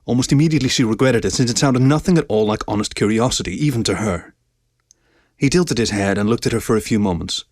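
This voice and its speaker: A man reading a story aloud with even, steady narration. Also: lowish voice, fast talker, no echo, clean studio sound. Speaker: story reader.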